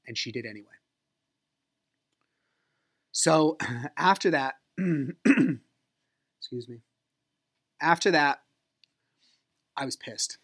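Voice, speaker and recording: A man's voice: on the high side, animated, extremely slow, long pauses, fairly bright tone. A man hosting a podcast, telling a personal story in a candid, aggrieved way. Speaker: podcast host.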